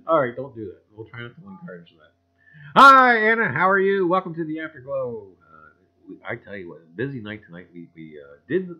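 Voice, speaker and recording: Through lo-fi sound, a slightly rough, mid-range male voice reads viewers' comments on his laid-back livestream. He's folksy, chuckles a lot, and keeps saying "I tell you."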